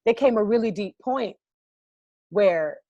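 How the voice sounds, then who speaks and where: A woman's voice: mid-range voice, lively intonation, unhurried, dark tone, no room sound, muffled recording. A woman from New York, a stage actor as a guest, telling a story in a vivid, profane and emotionally open way. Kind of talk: casual storytelling.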